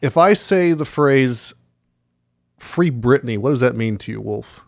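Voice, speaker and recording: A man's voice: mid-range voice, lively intonation, unhurried, gravelly. A man with a mid-range voice co-hosting a podcast. His talk is casual and wry, and it turns indignant easily. He speaks in an easy, conversational chat. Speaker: podcast co-host.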